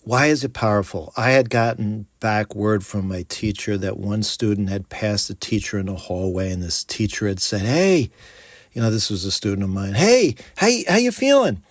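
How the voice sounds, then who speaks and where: A man's voice: fairly low pitch, normal speed, no room sound, clean studio sound. A man who is a teacher, talking casually about vocabulary, acting out classroom quotes with lots of fillers. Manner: animated, acts out classroom quotes, frequent fillers. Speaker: teacher and podcast host. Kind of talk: casual educational talk.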